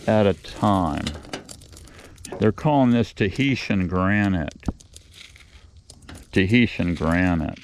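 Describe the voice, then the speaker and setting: A man hosting his own beekeeping channel, talking casually outdoors in a rambling, folksy way that circles back and repeats phrases. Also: lowish voice. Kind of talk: casual outdoor vlog monologue.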